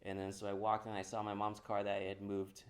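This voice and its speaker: A man's voice: fairly low pitch, completely flat delivery, fast talker. A man co-hosting a comedy podcast, telling a rambling story in casual chat with many fillers. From California.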